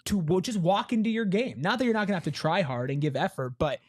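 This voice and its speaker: A man's voice: high-pitched, animated, fast talker, no echo, clean studio sound. A man on a casual sports talk panel, upbeat and emphatic.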